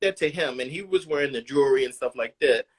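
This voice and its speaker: A man co-hosting a casual podcast chat, telling stories in a relaxed way full of "like" and "um". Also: mid-range voice, fast talker. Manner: relaxed, filler-heavy storytelling with frequent "like" and "um". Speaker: podcast co-host.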